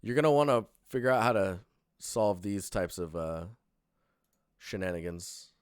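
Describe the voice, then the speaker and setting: Deep-voiced sleepy male streamer. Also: measured pace, smooth, no room sound, studio quality. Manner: relaxed, rambling, many fillers and restarts. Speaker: streamer reviewing portfolios. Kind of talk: casual live-stream critique.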